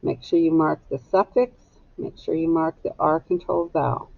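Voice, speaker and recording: A woman's voice: sits low, creaky, narrow, tinny audio. A woman teacher dictating a spelling test to young students, sounding out each word syllable by syllable. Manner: slow, deliberate, sounds words out syllable by syllable.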